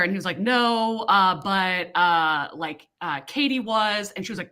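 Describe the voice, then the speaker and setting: A woman's voice: mid-range voice, a little fast, hardly any pauses. A woman chatting casually on a video call, telling a work story with lots of acted-out quotes. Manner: animated storyteller, acts out quoted people. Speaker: co-host of a reading sprint livestream. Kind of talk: casual chat.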